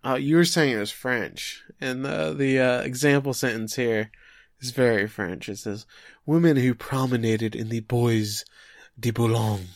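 A man's voice: mid-range voice, measured pace, no room sound, clean studio sound. Chatty man, joking podcast co-host. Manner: joking, chatty, thinks aloud with many fillers. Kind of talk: casual chat recapping an anime episode.

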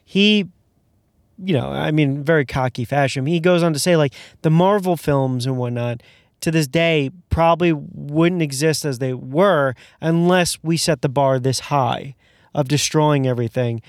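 A man's voice: fairly high pitch, unhurried, no echo, studio quality. A man in casual film chat, rambling with many fillers and restarts. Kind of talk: casual movie review chat.

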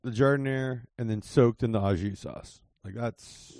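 A man's voice: mid-range voice, moderate pace, a little mellow, no room sound, clean studio sound. A man, a comedian guest, chatting casually from home over a remote call, laughing often and swearing easily. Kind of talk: casual chat.

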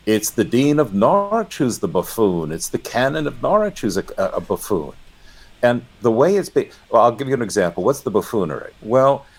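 A middle-aged man giving sardonic, animated commentary in a discussion, often restarting his sentences. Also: mid-range voice, normal speed, husky. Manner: animated, sardonic, self-correcting. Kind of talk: opinionated discussion.

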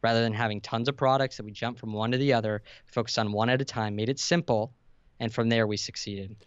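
A man's voice: mid-range voice, steady tone, fairly quick, smooth, no room sound. Earnest young man, dry dull sound. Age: 20s. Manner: earnest, vulnerable, builds to intense emphasis. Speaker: podcast guest, entrepreneur. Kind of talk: emotional storytelling in conversation.

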